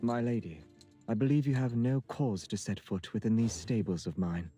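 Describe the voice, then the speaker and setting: Male actor as a reserved British noble, formal and aloof, warm low tone, game dialogue. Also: expressive, moderate pace, faint music behind, natural voice. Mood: cool, formal. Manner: stiff archaic courtly phrasing. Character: aloof formal young nobleman, cool and distant. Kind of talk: game voice acting.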